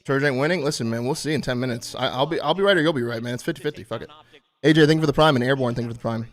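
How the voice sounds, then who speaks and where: A man's voice: mid-range voice, rapid-fire. A young man hosting a live stream, chatting casually, swearing freely and thanking his subscribers one after another. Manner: laid-back, profane, constantly thanking subscribers. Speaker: streamer hosting a watch party.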